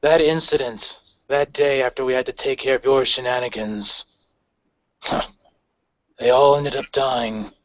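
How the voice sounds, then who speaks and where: A man's voice: medium pitch, dry recording, close to an everyday voice. A man playing a cold menacing gang leader. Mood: grim. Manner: measured, menacing calm. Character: grim cold male gang leader, phantom-like. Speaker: player voicing his character. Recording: dry, dull lo-fi recording.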